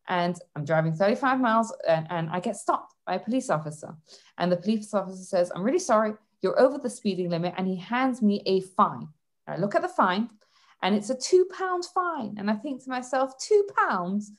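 A woman hosting a parenting podcast, explaining ideas through lively stories with frequent restarts. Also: mid-range voice. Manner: animated storytelling with frequent restarts. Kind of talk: instructive podcast monologue.

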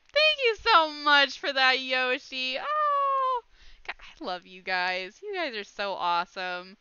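Effusive woman streamer, bright voice. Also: medium pitch, smooth, no room sound, muffled recording. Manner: effusive, gushing thanks, near tears. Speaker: streamer hosting Bible study. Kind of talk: casual livestream chat.

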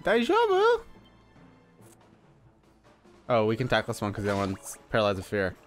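A man's voice: on the low side, steady tone, very fast, fairly bright tone, faint music behind. A young man casually commentating a role-playing game as he plays, swearing often and laughing and exclaiming at surprises. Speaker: let's play gamer.

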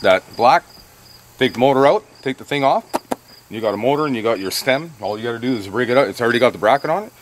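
A man's voice: mid-range voice, lively intonation, quick pace, slight background noise, low-quality recording. A man chatting casually outdoors while working on a truck, explaining in loose fragments. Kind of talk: casual chat.

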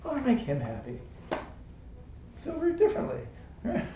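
In an echoey room, a man with a very high, warmly toned voice leads a casual Buddhist dharma class at a moderate pace, his pitch swinging widely. He's chatty and laughs often, checking in with "right?" and "you know." The live-stream audio is dull, with a faint hiss.

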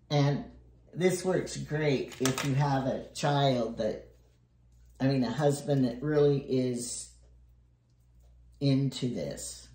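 Her very deep, mellow voice carries through an echoey room with a bit of faint noise. She's an older home cook vlogger, baking as she chats casually, wandering through family stories and frequently chuckling.

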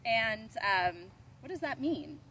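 A woman's voice: on the high side, animated, slow pace, pushed and bright, slight background noise. A woman hosting a kids' show, asking eager, curious questions outdoors in a field. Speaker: host interviewing a field expert.

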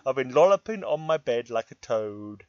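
A middle-aged Englishman from England with an English accent rambles through a casual vlog to his laptop in his room, tired and self-mocking. His medium-pitched voice is very animated, a little mellow, at a moderate pace, picked up muffled by the laptop mic with no echo.

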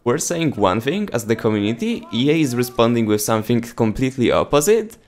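Polish accent guy ranting sarcastically about a game, pitch jumps all over. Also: big pitch swings, a little fast, darkish tone. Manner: sarcastic and exasperated. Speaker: gaming news youtuber. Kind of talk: casual commentary vlog.

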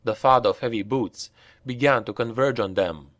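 A man narrating a dark fantasy audiobook in a grave, unhurried storytelling voice, on a close mic. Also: mid-range voice, no room sound. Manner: unhurried, grave storytelling that lifts for shouted dialogue.

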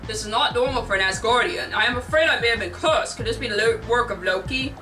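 Loud, clumsy, scaredy-cat thunder god, woman reading; music bed behind. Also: fairly high pitch, fast talker, lightly acted. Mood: whiny. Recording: distant mic with music behind.

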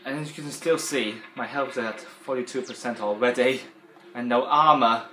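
A man's voice: medium pitch, moderate pace, pushed and bright, reverberant, slight background noise, poor audio. A man with a Yorkshire accent giving rambling, casual game commentary as a let's play host. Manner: rambling, chatty, trailing off.

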